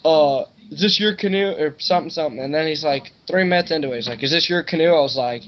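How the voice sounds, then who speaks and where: A man's voice: a little high, quick pace, muffled recording. A young man on a podcast, telling a loose, rambling story in casual chat with plenty of swearing. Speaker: podcast co-host.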